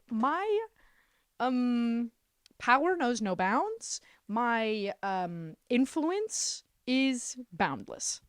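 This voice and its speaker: Recorded in a clean studio with no room sound, a young woman delivers a casual solo monologue on her podcast in a slightly high, somewhat bright voice. Her humor is sarcastic and self-deprecating, her swearing is unrestrained, and a cold leaves her a little congested.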